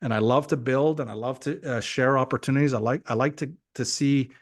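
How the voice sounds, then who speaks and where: A man giving an energetic, motivational sales talk on a team call. He often repeats himself and acts out quoted conversations. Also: mid-range voice, a little fast. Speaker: guest speaker on a team call. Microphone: call audio.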